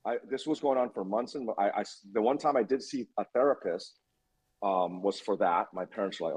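A man in his fifties, a guest telling his own story in a casual interview, animated and swearing freely as he acts out what people said. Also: fairly low pitch, fairly quick, husky, rough recording.

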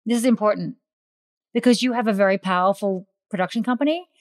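A woman interviewing a guest in a casual chat, asking quick, playful, teasing questions. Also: medium pitch.

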